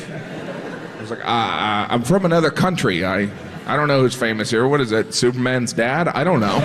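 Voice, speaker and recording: A man performing a stand-up comedy bit, telling an animated story and mimicking other voices. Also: mid-range voice, normal speed, pauses often. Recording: live stage audio with long reverb and audience noise.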